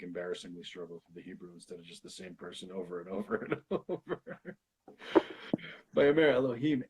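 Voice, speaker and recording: An American man leading a casual Bible study, reading verses aloud and thinking out loud between them, with the odd swear and laugh. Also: low voice, slightly rough, poor audio. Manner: thinks aloud, swears, laughs, reads Hebrew then explains.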